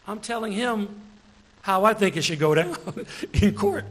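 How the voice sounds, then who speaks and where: A deacon preaching a sermon in a church, lively, chuckling between his points and calling out praise. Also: high-pitched, a little slow, pauses often, rough recording.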